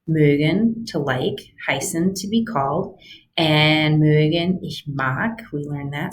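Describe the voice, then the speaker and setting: A woman's voice: sits low, a little hiss or hum. A woman German teacher walking students through homework on a screen recording, chatty and patient, explaining step by step.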